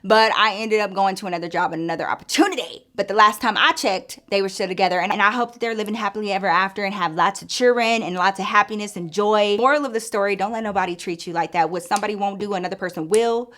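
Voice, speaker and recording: A woman vlogger telling a story from her life in casual chat, animated and slangy, acting out the quotes. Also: medium pitch, fast talker, hardly any pauses. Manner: animated and expressive, slangy, acts out every quote.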